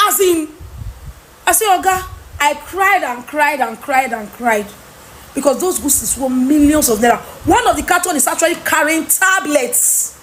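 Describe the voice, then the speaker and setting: High-voiced exasperated Nigerian woman. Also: fairly quick, slight background noise. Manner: exasperated, mimics others in Pidgin. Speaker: trader telling of lost goods. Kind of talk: animated personal storytelling.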